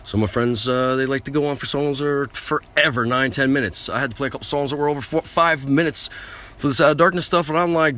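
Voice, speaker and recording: A man's voice: medium pitch, fast talker, fairly bright tone. A man hosting his own podcast, ranting in a boastful, brash, self-aggrandizing way from a small vehicle used as a mobile studio. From United States. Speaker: podcast host. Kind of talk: rambling comic rant.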